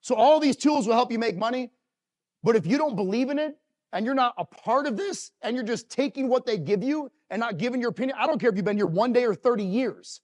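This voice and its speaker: A middle-aged man giving a live motivational talk to a company audience, telling emotional stories and swinging from loud to hushed. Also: very high-pitched, lively intonation, a little fast. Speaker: motivational speaker.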